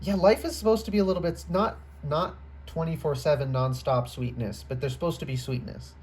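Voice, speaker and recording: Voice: mid-range voice, steady tone, brisk, darkish tone. A tarot reader giving a casual, rambling reading to camera indoors, often trailing off, restarting and becoming emotional. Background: faint computer fan hum.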